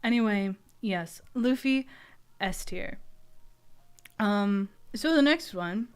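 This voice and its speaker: A young woman streaming as a vtuber, chatting casually and excitably, swearing and gushing, often stumbling over restarts. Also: mid-range voice, slow pace, clean tone.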